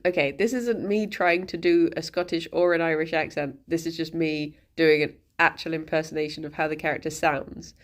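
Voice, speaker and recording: A woman streamer chatting casually, rambling and giggling often as she talks. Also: sits low.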